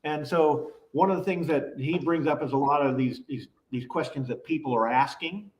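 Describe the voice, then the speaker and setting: A man's voice: on the high side, moderate pace. Man in an echoey room. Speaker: guest podcaster. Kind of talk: casual chat.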